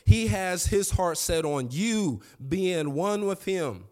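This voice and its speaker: A man's voice: high-pitched, slow pace. Young man preaching a chatty sermon. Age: young adult. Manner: conversational, animated storytelling with asides.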